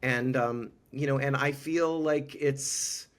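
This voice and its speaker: A man's voice: mid-range voice, fairly even intonation, slow pace. A middle-aged man, a musical director, talking as a guest in a casual podcast interview, effusive and rambling with many restarts.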